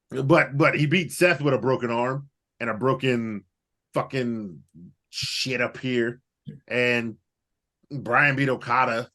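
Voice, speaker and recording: A man co-hosting a podcast in casual chat, animated and profane, rambling through his points. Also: medium pitch. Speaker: podcast co-host.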